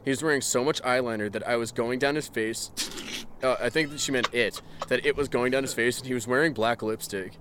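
A man on a comedy podcast reading fan fiction aloud in a mocking, deadpan tone, breaking off for jokey asides. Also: mid-range voice, fairly quick, slight background noise.

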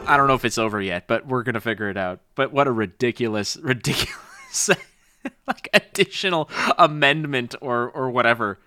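A man co-hosting a podcast, chatting casually and acting out quotes in animated stories. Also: mid-range voice, fairly quick. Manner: animated storytelling, acts out quotes. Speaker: podcast co-host. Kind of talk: casual chat.

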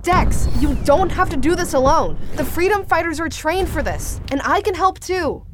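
A woman's voice: very high-pitched, expressive, moderate pace. A woman voicing a kind, helpful young heroine who keeps offering to help. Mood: encouraging. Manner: earnest, encouraging. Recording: noisy background.

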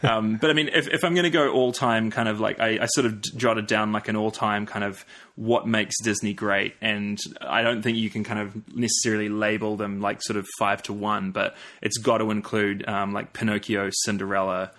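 A man's voice: on the low side, little pitch movement, moderate pace, a bit bright. A man with a New Zealand accent, a podcast guest chatting casually with many fillers, restarts and easy laughter. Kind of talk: casual chat.

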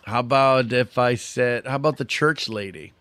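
A man's voice: medium pitch, normal speed, a bit bright, clear, resonant tone, dry recording. A man hosting a playful game segment, teasing his guest and laughing often. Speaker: host. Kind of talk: playful game-show banter.

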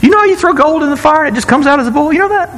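A man's voice: lively intonation, racing, fairly bright tone, slight background noise, heavily acted. A man doing a whiny, excuse-making man. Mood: sheepish. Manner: high, whiny, evasive.

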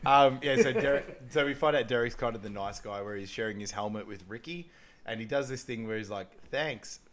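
A man's voice: fairly low pitch, a little fast, a little hiss or hum. A man co-hosting a podcast, casually recapping a movie, rambling and laughing often as he acts out lines. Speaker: podcast co-host. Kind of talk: casual film recap chat.

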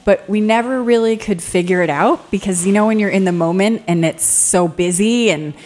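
A woman hosting a podcast, speaking in a relaxed, conversational way. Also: mid-range voice, normal speed. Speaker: podcast host. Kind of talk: casual chat.

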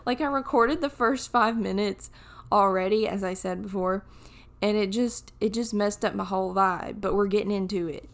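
A woman's voice: mid-range voice, normal speed. A woman in her twenties from the United States hosts her own podcast alone, chatting casually through jokey, wandering tangents in a groggy voice. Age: 20s. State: groggy morning voice. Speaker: podcast host. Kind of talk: casual solo podcast chat.

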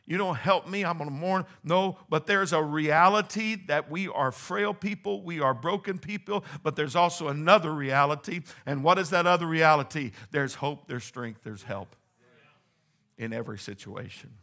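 A male pastor preaching a sermon in a church, swinging between quiet, low asides and loud, rising exclamations. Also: moderate pace.

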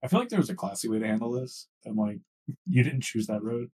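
A man co-hosting a podcast, tossing in quick teasing remarks in casual chat. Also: mid-range voice, lively intonation, dark tone, husky. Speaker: podcast co-host.

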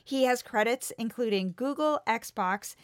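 A woman's voice: on the high side, unhurried, clear, resonant tone, no room sound, studio quality. An American woman co-hosting a podcast in casual chat, reeling off details with easy laughs. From United States. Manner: chatty, laughing, piles up details. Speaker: podcast co-host.

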